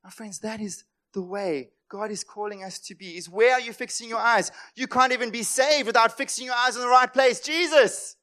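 A pastor with a notably high voice, preaching with fervor. He swings from loud, emphatic declarations to hushed asides and slips into the voices of anxious believers to make his point. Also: normal speed, hardly any pauses. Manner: impassioned, swings between loud emphatic lines and quiet asides; acts out voices of worried people. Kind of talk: sermon.

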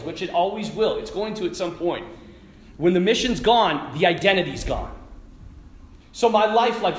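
A middle-aged man giving a lively faith talk to a live audience, telling stories and tossing asides to the listeners. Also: high-pitched. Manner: animated storytelling with asides to the audience. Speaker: Catholic speaker. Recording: echoey hall with faint ambience.

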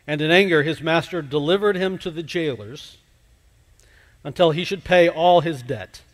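Man, pastor, sermon, unhurried emphatic delivery, somewhat high voice, long reverb of a church hall. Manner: slow, emphatic preaching that drops to a hush.

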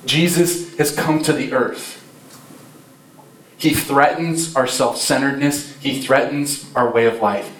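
In a church sanctuary, a male preacher gives a fervent Christmas sermon, swelling and dropping his volume to stress points. He speaks slowly at medium pitch with fairly even intonation and a fairly bright tone, picked up by a distant mic in roomy acoustics.

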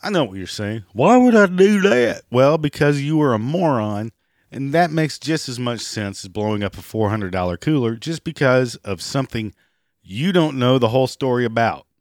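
Raspy, profane man ranting. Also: medium pitch, lively intonation, normal speed, no echo, clean studio sound. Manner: profane and sarcastic, mocking. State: hoarse, clearing throat and coughing. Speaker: commentary vlogger. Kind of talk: ranting commentary.

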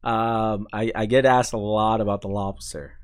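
A young man from Chicago who grew up in Maine, chatting casually as an interview guest, full of fillers and restarts and quick to laugh. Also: lowish voice, fairly even intonation. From Chicago, raised in Maine. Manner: halting, many fillers and restarts, laughs easily. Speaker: sports information staff, podcast guest.

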